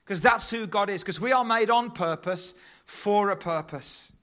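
A man's voice: high-pitched, unhurried, fairly bright tone. A middle-aged male preacher delivering a sermon, emphatic and rhythmic, repeating key phrases.

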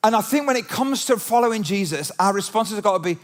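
A man preaching a sermon in a church, animated and conversational, full of rhetorical questions. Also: high voice, brisk, few pauses. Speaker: pastor. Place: church auditorium.

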